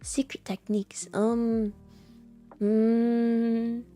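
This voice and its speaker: A woman's voice: fairly high pitch, level tone, drawn-out words, dark tone, faint music behind. A woman with an American accent chatting casually with her live chat as a streamer, giggling often and saying "like" a lot. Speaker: VTuber streamer.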